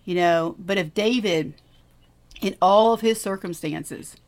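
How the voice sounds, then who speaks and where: A woman co-hosts a faith podcast, teaching earnestly and encouragingly and repeating points for emphasis. Her voice is medium-pitched and her delivery a little slow.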